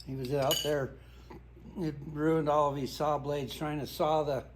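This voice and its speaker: A man's voice: a little high, level tone, a little slow, noisy background. An older man chatting at home while eating, plain-spoken and matter-of-fact. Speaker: husband at home. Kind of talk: casual kitchen chat. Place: home kitchen.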